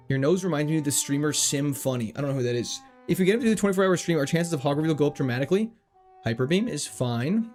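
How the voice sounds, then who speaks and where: Animated, jokey man streaming a game. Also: fairly high pitch. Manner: jokey, animated, reads chat aloud. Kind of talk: casual livestream commentary.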